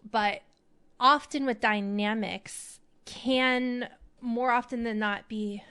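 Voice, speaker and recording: Woman, podcast host, smooth clear voice, chatty acting tips. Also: on the high side, slow. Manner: chatty, animated, demonstrates voices. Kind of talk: advice talk on acting.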